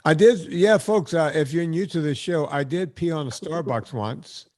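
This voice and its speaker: A man's voice: fairly high pitch, normal speed, darkish tone. An older man hosting a podcast, telling a profane, exasperated story in casual chat. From California. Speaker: podcast host.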